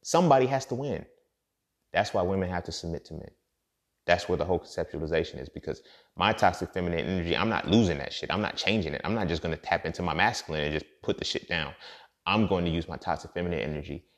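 Man, very deep voice, casual podcast monologue, profane, preachy, filler-heavy. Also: quick pace, fairly bright tone. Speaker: podcast host.

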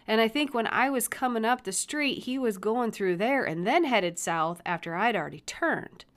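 A woman's voice: fairly high pitch, expressive, moderate pace. A middle-aged woman hosting a podcast, casually retelling a story about her kid in a blunt, rambling way, swearing freely. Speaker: podcast host and mother.

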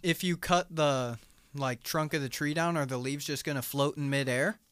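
A man's voice: a little high, normal speed, a bit bright, clear, resonant tone, no echo. A young man co-hosting a casual podcast chat, arguing his point in a matter-of-fact way. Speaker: podcast co-host.

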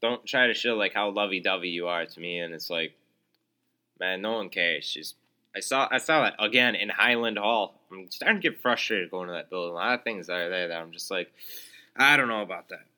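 Young guy doing a solo podcast rant, super bright sharp voice, kinda low pitched, sarcastic and fed up. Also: brisk. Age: young adult. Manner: exasperated, sarcastic ranting with many fillers. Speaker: podcast host.

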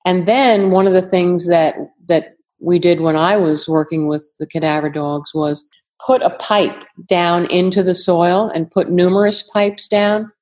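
A retired woman with a New York accent, answering interview questions in a measured, careful way. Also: on the low side, steady tone, darkish tone. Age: older. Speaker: retired FBI agent, guest.

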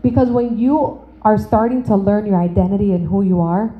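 A woman preaching to a church, telling a funny story with animated acted-out dialogue, then slowing to emphatic phrasing on scripture. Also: medium pitch, narrow, tinny audio. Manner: animated, humorous, acts out conversations. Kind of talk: sermon with storytelling. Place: church service.

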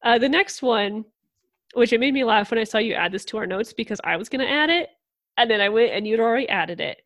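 Woman, co-host, casual chat, chatty, quick, laughs easily, slightly high pitch. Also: expressive, fairly bright tone. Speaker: podcast co-host.

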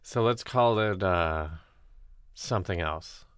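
A man's voice: slow, fairly bright tone, smooth, no echo. Tired-sounding man cracking jokes. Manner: low-key, tired, wisecracking. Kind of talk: casual chat.

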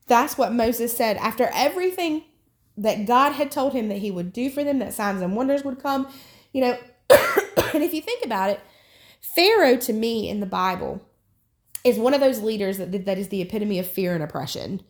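A woman hosts a faith podcast and teaches in an earnest, rambling way, often restarting her sentences. Her voice sits fairly high and has a gravelly fry running through it. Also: animated, unhurried, darkish tone. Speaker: podcast host.

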